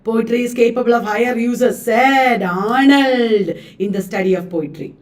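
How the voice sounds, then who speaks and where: Chatty Indian woman, live literature coaching, high-ish voice, recorded from a bit back. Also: expressive, a little slow, far from the mic. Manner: chatty, laughs often, mixes Hindi words. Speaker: literature teacher. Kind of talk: live online exam coaching.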